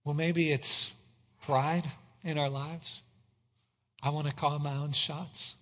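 A man preaching a sermon, swinging between hushed passages and loud exclamations of praise. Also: on the high side, little pitch movement, slow. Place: church sanctuary. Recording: long hall reverb.

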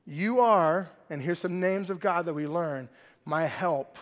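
Man preaching to a crowd, high voice, jokey, keeps asking right?, big echoey church hall. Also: unhurried. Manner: lively and joking, asks the crowd "right?" often. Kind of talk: sermon to a live congregation. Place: large church hall with congregation. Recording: long hall reverb.

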